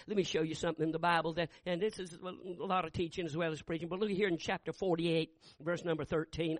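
An older man preaching a revival sermon, telling folksy stories and rising into fervent shouts. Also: a little high, fairly even intonation, fast talker, hardly any pauses, no room sound.

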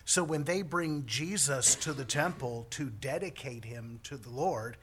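A man's voice: mid-range voice, unhurried, fairly bright tone, a little hiss or hum. A man preaching a sermon as a priest, joking with the congregation between points. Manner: joking, self-deprecating asides to the congregation.

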